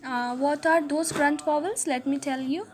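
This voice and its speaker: A woman teaching a linguistics lesson, explaining slowly and repeating key words, often checking with "okay?". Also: sits high, steady tone, noisy background. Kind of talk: explaining phonetics at a board.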